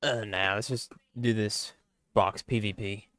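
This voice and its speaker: A young man hosting a gaming livestream, chatting in a relaxed, unhurried way over a headset. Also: on the low side, slight background noise. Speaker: streamer host. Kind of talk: casual gaming chat.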